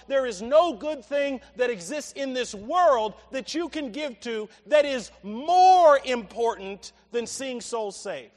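High-voiced man preaching in a reverberant hall. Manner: preaching with rising emphasis and acted quotes. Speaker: pastor. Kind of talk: sermon. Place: church sanctuary. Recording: long reverb of a church hall.

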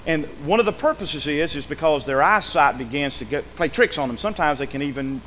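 A man, a pastor preaching a folksy, animated sermon to his church, often repeating words. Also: on the high side, a little fast. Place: church sanctuary. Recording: long hall reverb, faint noise.

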